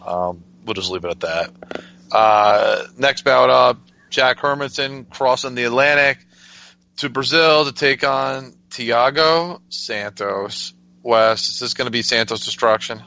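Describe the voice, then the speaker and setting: Bright-voiced man hosting a fight podcast. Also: mid-range voice, a little slow, dull audio. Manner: loose and profane, leads the segments. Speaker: podcast host. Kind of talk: casual MMA preview talk.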